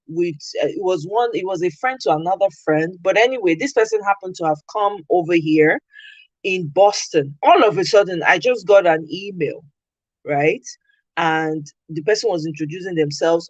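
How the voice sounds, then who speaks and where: A woman's voice: lowish voice, no room sound, highs cut off. A Nigerian woman hosting a casual talk, telling a story with animation and acting out what she said. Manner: animated storytelling, acts out her own quoted replies. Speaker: podcast host. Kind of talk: casual chat.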